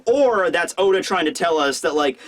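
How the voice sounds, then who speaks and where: A man hosting a casual manga review who talks in an animated, rambling way with lots of fillers. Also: a little high, moderate pace. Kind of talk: casual video commentary.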